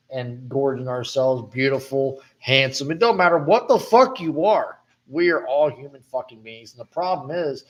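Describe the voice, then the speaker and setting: A man's voice: mid-range voice, muffled recording. A man in casual chat, blunt and profane, venting about customers with heavy swearing and coughing now and then. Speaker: podcast co-host.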